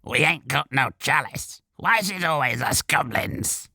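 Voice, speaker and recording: Casting: throaty, raspy goblin, done by a man, irritable and low in level, gravelly edge. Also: expressive, a little slow, bright, forceful tone, dry recording, clean studio sound, exaggerated voice. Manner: irritable, rough grammar. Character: grumpy male goblin, throaty.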